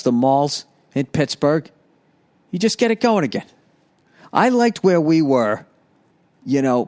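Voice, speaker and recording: A man's voice: mid-range voice, darkish tone. A man hosting a solo podcast, ranting with heavy profanity and sarcasm and stammering restarts when worked up. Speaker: podcast host.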